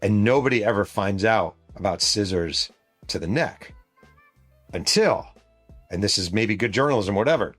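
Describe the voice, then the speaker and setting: A middle-aged man from New York State hosts his podcast with a fairly low voice. He tells the story in a loose, casual way, swears freely and adds quick spoken sound effects. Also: lively intonation, a bit bright, husky, faint music behind. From New York State, USA. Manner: casual, profane, vivid retelling with sound effects. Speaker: podcast host and author.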